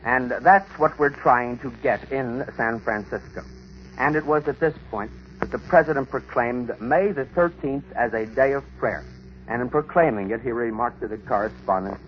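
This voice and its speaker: A man reporting as a radio news correspondent, with a measured, formal delivery. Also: mid-range voice. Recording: dull, lo-fi 1940s radio broadcast with faint hiss.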